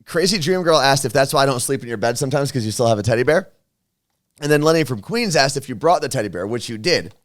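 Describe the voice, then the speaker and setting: A man's voice: mid-range voice, expressive, fast. Guy cohosting a live stream from a hotel room, dry teasing humor, reads chat questions out. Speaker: co-host.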